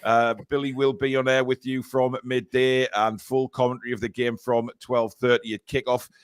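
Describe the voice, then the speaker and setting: A man's voice: medium pitch, level tone, normal speed, smooth, no echo, clean studio sound. A man in a middle register hosts a chatty football podcast. He talks bluntly and with strong opinions, and breaks off now and then to read viewers' messages aloud. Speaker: podcast host. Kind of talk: casual fan podcast chat.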